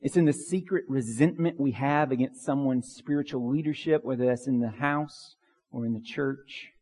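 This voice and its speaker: A man's voice: mid-range voice, moderate pace, a little mellow, long reverb tail. A man preaching a sermon as pastor, earnest, repeating phrases for emphasis.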